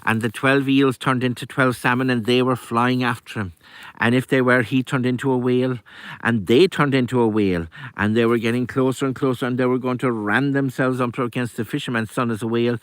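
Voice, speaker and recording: Male storyteller, conversational folk-tale teller, mid pitch. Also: fairly quick, smooth, dry recording. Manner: lively, conversational, with asides.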